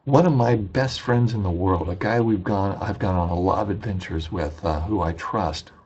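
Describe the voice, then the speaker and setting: A man's voice: low-pitched, moderate pace, a little mellow, slightly rough, highs cut off. A man lecturing for an online business course, telling a personal story in a conversational way and acting out the dialogue. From Indiana, USA. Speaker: business ethics instructor.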